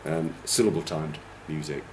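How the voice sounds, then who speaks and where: A man's voice: rumbling low, moderate pace, a little mellow, a little hiss or hum. Man, teacher trainer, classroom lecture, explanatory, hums out rhythms, roomy echo. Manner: explanatory, checks in with "okay?"; demonstrates rhythms by humming and counting.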